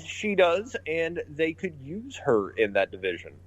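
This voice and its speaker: Co-hosting a relaxed podcast, this man swears a lot and laughs as he retells funny moments, sounding excitable throughout. His voice is on the high side and unhurried. The sound is lo-fi, with a noisy crowd behind him.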